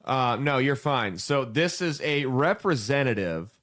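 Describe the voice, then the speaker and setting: A man's voice: mid-range voice, expressive, unhurried, few pauses, a bit bright. Brash, crude-joking male podcast host. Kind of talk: casual podcast chat.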